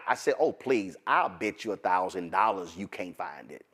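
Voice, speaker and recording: A man's voice: fairly low pitch, a little fast, few pauses, a bit bright. A male talk show host doing a commentary monologue, telling a story with asides to his audience.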